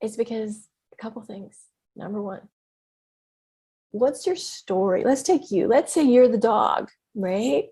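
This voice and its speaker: A middle-aged woman hosting her own podcast, telling a story in a lively, conversational way with frequent exclamations and laughter. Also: fairly high pitch, unhurried, slightly rough. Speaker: podcast host and business mentor. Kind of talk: casual solo podcast monologue.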